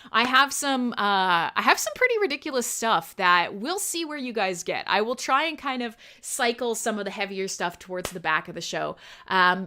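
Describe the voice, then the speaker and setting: A woman's voice: mid-range voice, pushed and bright. A woman hosting a metal radio show, chatting casually on a live stream, giggly, profane and rambling.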